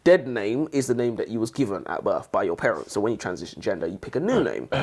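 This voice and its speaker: A man's voice: lowish voice, big pitch swings, fast, breathy edge. A man co-hosting a casual book discussion, chatty and prone to long digressions. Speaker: podcast co-host.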